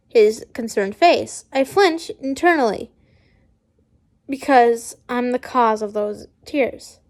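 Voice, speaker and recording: A woman reading fan fiction aloud casually, stumbling and correcting herself often. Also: sits high. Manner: stumbling, frequent restarts and self-corrections.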